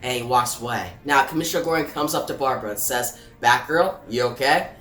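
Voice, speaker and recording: A man's voice: medium pitch, quick pace, fairly bright tone. A man recapping a comic book issue scene by scene, voicing the sound effects. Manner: plain retelling, voices sound effects. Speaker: comic reviewer. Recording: roomy echo, faint music.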